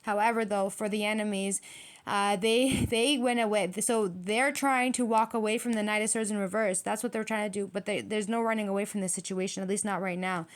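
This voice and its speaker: A woman's voice: mid-range voice, fairly even intonation, brisk. A woman giving a tarot reading to her viewers, ranting in a heated, profane and repetitive way. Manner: addresses viewers directly. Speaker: tarot reader.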